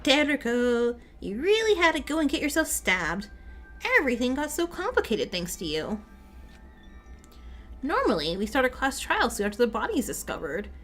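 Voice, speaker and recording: A woman's voice: fairly high pitch, sing-song, moderate pace, fairly bright tone, faint music behind. A woman voicing a smug, gleefully callous mascot host of a deadly game, taunting the players.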